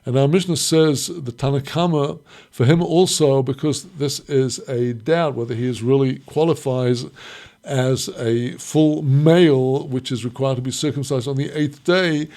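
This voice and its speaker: A man teaching a recorded Mishnah lesson, reading short Hebrew phrases and explaining each one slowly in English. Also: mid-range voice, a little mellow. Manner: explains slowly, quotes Hebrew then translates. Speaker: Torah teacher.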